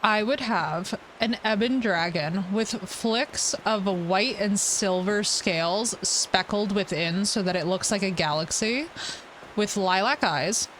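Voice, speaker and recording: A woman's voice: medium pitch, takes it slowly, fairly bright tone, slight background noise. Chatty playful woman streaming a game. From United States. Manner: playful, chatty, reads chat aloud, teasing jokes. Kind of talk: casual live gameplay chat.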